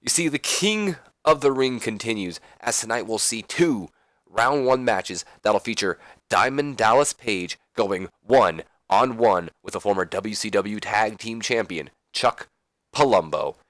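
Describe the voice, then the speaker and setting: A man's voice: fairly low pitch, animated, a little slow, a bit bright, dry recording, clean studio sound. A man narrating a let's play in casual game commentary, rambling along with lots of fillers.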